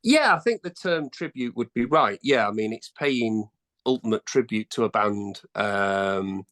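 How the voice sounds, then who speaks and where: A man's voice: on the low side, a bit bright. Man in his middle years, chatty, keeps losing the thread, lots of ums. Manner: rambling, chatty, many fillers and restarts. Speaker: singer in a tribute band, interview guest. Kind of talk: casual interview answers.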